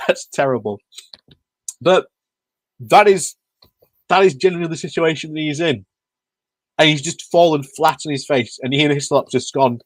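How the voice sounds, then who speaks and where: A man's voice: on the high side, no echo. Sarcastic man commenting on a clip. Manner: sarcastic, laughs often, halting with fillers. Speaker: video commentator. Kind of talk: mocking casual commentary.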